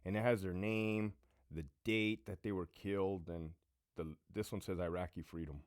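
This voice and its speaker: A man's voice: low voice, fairly even intonation, normal speed, no echo, clean studio sound. A man in his late thirties from Southern California, telling rambling, profane stories from his own life in a casual way. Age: late 30s. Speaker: channel host and ex-prison guard.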